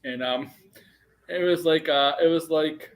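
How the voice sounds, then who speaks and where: Excitable high-voiced man chatting wrestling. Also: a little slow. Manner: excitable, swears a lot, rambling. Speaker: podcast host. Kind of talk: casual wrestling chat.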